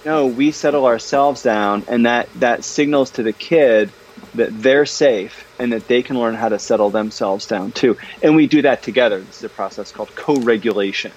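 An animated man chats through an interview, tumbling over fillers and restarts as he warms to his points. His voice sits at an ordinary pitch. The recording sounds a bit dull and lo-fi. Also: moderate pace, slightly rough. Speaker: guest, parenting author. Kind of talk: casual interview conversation.

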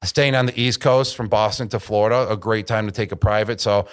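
A man's voice: lowish voice, a little fast. A man in his thirties, a retired football player, chatting casually as a guest and acting out his stories with quoted voices. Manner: animated storyteller, acts out quotes. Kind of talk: casual interview chat.

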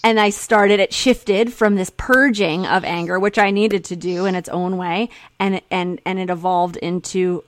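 A woman's voice: fairly even intonation, measured pace, few pauses, dry recording. Woman, casual conversation, emotional and frank, swears freely; close dry sound. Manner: candid, emotional, swears freely, acts out her own quotes in a high voice.

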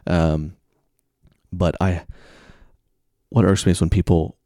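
A man's voice: low voice, fairly even intonation, takes it slowly, dark tone, dry recording, clean studio sound. A man telling stories in a casual monologue, acting out both sides of conversations with sudden exasperated bursts. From American Heartland. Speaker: podcast host.

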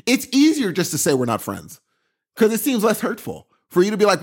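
Expressive male co-host, voice leaps up and down as he acts out dialogue. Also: fast, slightly rough. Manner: lively, quotes dialogue with rising pitch. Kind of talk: casual chat.

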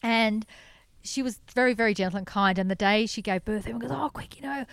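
An Australian woman, a guest in a casual interview, telling animated stories and laughing often. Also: fairly high pitch, quick pace, vocal fry, no room sound. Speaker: sanctuary founder, guest.

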